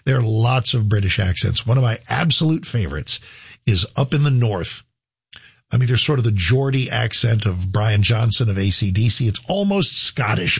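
A man's voice: fairly low pitch, husky, no echo, studio quality. A middle-aged man hosting a talk show, rambling through a casual monologue with many restarts and asides.

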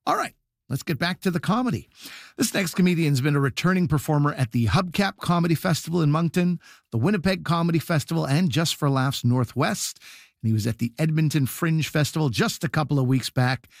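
A man hosting a comedy show, briskly introducing the next act. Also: on the high side, expressive, creaky, dry recording, studio quality.

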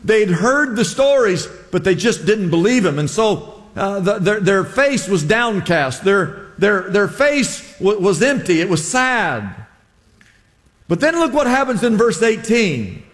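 A man's voice: sits high, very animated, unhurried, long reverb tail. A man preaching a sermon as pastor, retelling a story with voiced quotes and jokes. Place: church.

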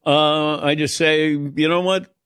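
A man hosting a casual talk show, telling stories with lively delivery and frequent laughs. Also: on the high side, takes it slowly, clean tone, no echo, clean studio sound. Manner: storytelling, animated, laughs often. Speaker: sports talk show host. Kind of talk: casual radio show chat.

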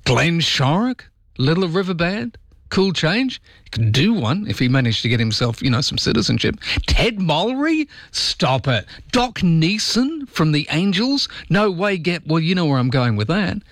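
A man's voice: a little high, very animated, normal speed, no echo, studio quality. An Australian man hosting a late-night talkback radio show, reading listener messages with jokey, wry asides. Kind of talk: casual talkback radio chat. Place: radio studio.

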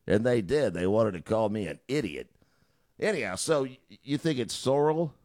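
A man's voice: medium pitch, lively intonation, normal speed, darkish tone. A middle-aged man hosting a talk radio show, delivering a chatty monologue with joking asides.

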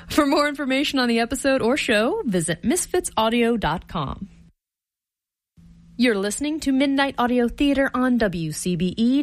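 A woman radio host giving a light, chatty station announcement. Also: on the high side.

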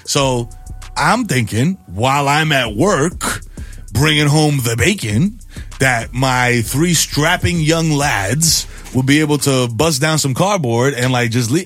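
A middle-aged man hosting a morning radio show, riffing in an animated, playfully preachy way. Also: mid-range voice, takes it slowly, faint music behind.

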